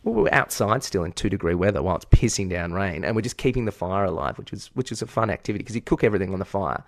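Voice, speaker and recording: Rapid-fire and expressive, an Australian man's low voice carries vocal fry as he co-hosts a podcast and relates a long anecdote. He's frank, profane and self-deprecating in this casual chat, and the audio has no echo.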